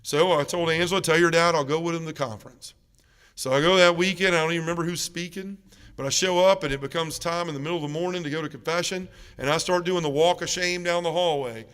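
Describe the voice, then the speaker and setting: A middle-aged man tells his personal testimony to a parish gathering, earnest and acting out each person in the story. His voice sits a little high for a man. A long church reverb hangs behind him. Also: steady tone, fast, fairly bright tone, smooth. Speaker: parish mission speaker. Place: large church.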